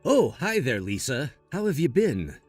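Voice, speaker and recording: A man's voice: mid-range voice, sing-song, unhurried, darkish tone, breathy edge, soft background music. A man playing a lying, evasive husband with a glib manner. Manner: glib, then pleading.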